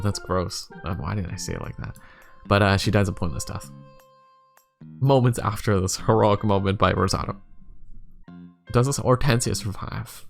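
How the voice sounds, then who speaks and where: A man's voice: on the low side, vocal fry. A man casually thinking aloud while ranking game characters, rambling with lots of fillers. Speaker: YouTuber. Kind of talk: casual commentary for a tier list.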